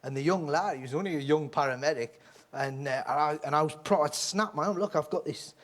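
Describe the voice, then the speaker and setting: A man in his forties telling rambling, animated anecdotes as a chat show guest. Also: on the high side, fast talker. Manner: rambling, animated storytelling with acted quotes. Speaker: comedian guest.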